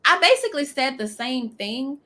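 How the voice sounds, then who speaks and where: Bright, emphatic Southern woman coach. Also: high voice, normal speed. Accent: Southern US, New Orleans with Texas twang. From New Orleans. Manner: emphatic, animated, quotes clients in character voices. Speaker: business coach guest. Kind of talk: live-stream interview, casual advice.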